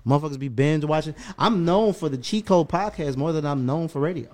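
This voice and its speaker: Man, podcast host, rapid-fire casual storyteller, brash and profane. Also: fairly high pitch. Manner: animated storytelling, profane, fast-talking.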